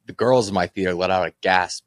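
A young man co-hosting a casual podcast chat, expressive and quick to laugh. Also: low-pitched, no room sound, clean studio sound. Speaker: podcast co-host.

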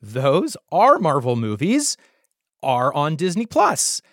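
A man's voice: on the high side, huge pitch swings, slow pace, no echo, clean studio sound. A man hosting a podcast, narrating in a conversational way and acting out quotes with animation. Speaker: host.

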